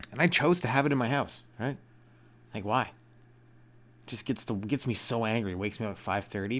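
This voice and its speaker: A young man hosting a solo comedy podcast, rambling and swearing as he acts out other people in high put-on voices. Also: lively intonation, brisk. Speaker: podcast host.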